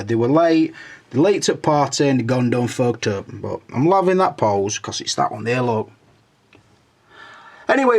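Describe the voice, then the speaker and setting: A middle-aged man chats casually through viewer comments on his channel. His voice sits at an ordinary middle pitch, and he fills the talk with crude jokes and swearing. Between comments he drops into low mutters as he scrolls. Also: gravelly, darkish tone. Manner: crude, joking banter full of swearing, muttering under his breath while scrolling. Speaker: toy reviewer and channel host.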